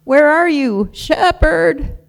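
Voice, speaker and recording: A reader voicing a young lost ewe in a storybook, crying out in high frightened bleats. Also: animated, drawn-out words, exaggerated voice. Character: young female sheep, dreamy and easily lost. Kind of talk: storybook reading.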